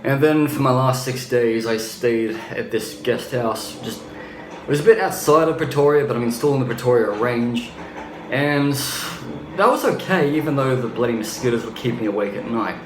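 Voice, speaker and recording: A man's voice: medium pitch, moderate pace, echoey room, noisy background. A young man from Australia talking bluntly in a casual travel vlog, ranting and often restarting his sentences. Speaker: travel vlogger.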